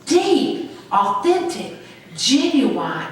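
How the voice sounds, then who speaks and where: A woman's voice: high-pitched, big pitch swings, drawn-out words. A woman pastor preaching a sermon with emphatic call-and-response. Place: church sanctuary. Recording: echoey church from far off.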